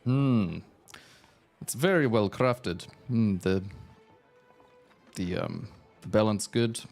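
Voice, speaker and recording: A man voicing a huge burly woman blacksmith from the north, with a hammy mock Russian accent and a gruff, blunt manner. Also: on the low side, huge pitch swings, takes it slowly, warm tone, soft background music, full character voice. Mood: appraising.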